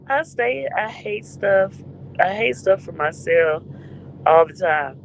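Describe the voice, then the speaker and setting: Lively woman greeting her stream chat. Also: medium pitch, takes it slowly, pauses often, slight background noise, poor audio. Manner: greets chat viewers by name, playful. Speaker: live stream host. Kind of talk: casual live stream chat.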